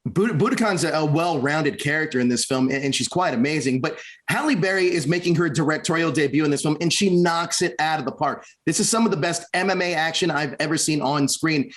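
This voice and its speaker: A man's voice: on the high side, brisk, a bit bright. A man interviewing an actor, asking enthusiastic questions full of praise. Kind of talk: entertainment press interview.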